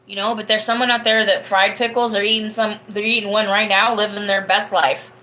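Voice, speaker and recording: Bright-voiced chatty woman livestream host. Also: mid-range voice, flat delivery, fairly quick, few pauses. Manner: chatty, rambling, laughs often. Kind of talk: casual chat reading live comments.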